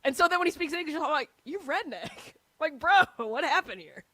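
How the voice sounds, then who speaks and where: A woman co-host with a fairly high, bouncy voice, teasing the host in casual studio banter. She laughs easily between remarks. The recording is dry and close. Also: lively intonation, brisk, sharp tone, dry recording.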